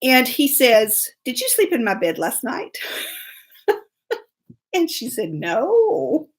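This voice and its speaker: A woman's voice: high voice, very animated, slow pace. A woman hosting a live show, telling a long story in a chatty, laughing way and greeting commenters as she goes. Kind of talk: casual storytelling live stream.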